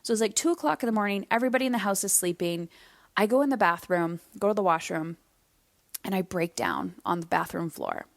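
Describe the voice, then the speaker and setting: A woman's voice: mid-range voice, big pitch swings, creaky, dry recording. Candid woman hosting a solo podcast. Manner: candid, conversational storytelling; slows down to stress key points. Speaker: podcast host.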